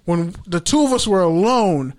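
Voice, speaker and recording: A young man tells a work story in a loose, profane, animated way, slipping into the voices of the people he quotes. His voice sits a little higher than most men's. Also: normal speed. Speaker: podcast host. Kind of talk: casual storytelling.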